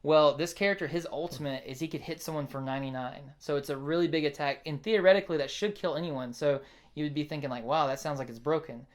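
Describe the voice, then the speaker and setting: A man's voice: fairly high pitch, fast talker. A man in casual chat, animatedly telling a story about a tabletop game and promoting it. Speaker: game creator promoting his game.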